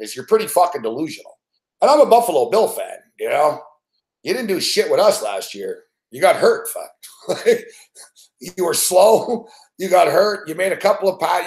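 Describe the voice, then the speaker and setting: A man's voice: a little high, a little mellow, roomy sound. A man hosting a sports betting show, ranting about football with sarcastic, profane remarks and frequent laughs.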